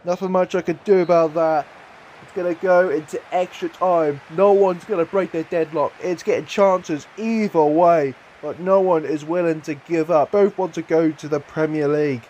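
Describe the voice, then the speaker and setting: A man commentating on his own football video game, excitable and bursting into shouts at every chance. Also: on the high side, moderate pace, highs cut off, slight background noise. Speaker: gaming YouTuber. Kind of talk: live play-by-play game commentary.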